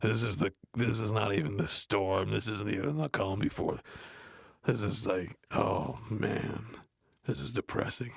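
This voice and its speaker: An actor playing a gruff, blunt adult metal frontman, reading a play aloud in a deadpan, grumbling way and mocking the text. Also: on the low side, unhurried, no echo, heavily acted. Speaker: reader of a play. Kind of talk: comedic read-aloud with running complaints.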